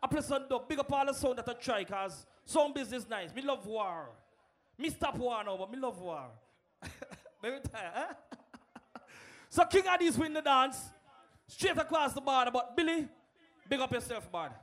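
High-voiced man announcing a sound clash. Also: expressive, moderate pace, long pauses. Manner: loose, laughing chat broken by loud crowd calls. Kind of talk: announcing round results. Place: live dance event.

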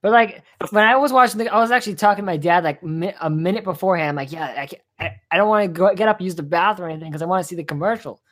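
Young male co-host, relaxed and unhurried, easygoing chat. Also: sits high. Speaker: podcast co-host. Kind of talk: casual chat.

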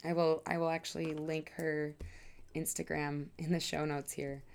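A woman with a deep, smooth voice and some vocal fry hosts her own podcast, speaking at a moderate pace with a flat delivery. In this personal monologue she talks earnestly and emphatically, stretching out her phrases, sighing at times, and swearing casually.

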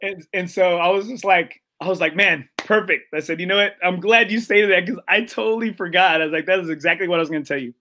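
A man with a high, bright voice, hosting a relaxed conversation. He tells stories in an animated way, acts out what people said, and keeps checking in with his listener. Fillers and restarts run all through his talk. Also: quick pace, few pauses. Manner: animated, acts out quotes with many fillers and "right?". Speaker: podcast host. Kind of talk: casual storytelling chat.

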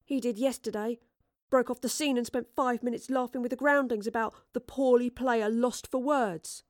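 A jittery young man, high-pitched and tight with nerves, as a woman reads him. He sounds worried and quick to grumble, in a dry, close audiobook recording. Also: fairly even intonation, a little mellow, no room sound, close to an everyday voice. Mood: grumbling. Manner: anxious, high and strained. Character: nervous young male actor, frets about forgetting lines.

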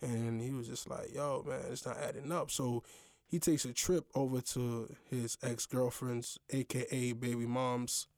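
A man's voice: medium pitch, unhurried, no echo, studio quality. A young man hosting his own show, telling a personal story in a loose, slangy way with lots of fillers. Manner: slangy, animated, full of fillers. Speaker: podcast host. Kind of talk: casual storytelling.

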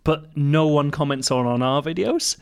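A man's voice: fairly high pitch, moderate pace, creaky, smooth. A man co-hosting a podcast, telling stories with frequent laughter in casual chat. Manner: laughing, animated storytelling. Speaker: podcast co-host.

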